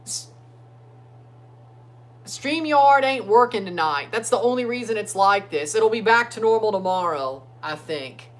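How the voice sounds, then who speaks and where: Hosting a casual sports watchalong livestream through a phone streaming app, a man talks loosely and breaks into excited chants for the players. His voice is high and a little slow.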